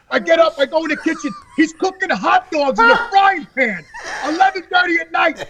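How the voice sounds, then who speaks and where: A man on a podcast telling a story in casual, profane talk. He sounds exasperated and often shouts and laughs. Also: very high voice, expressive, fairly quick. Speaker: podcast regular. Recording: noisy podcast recording.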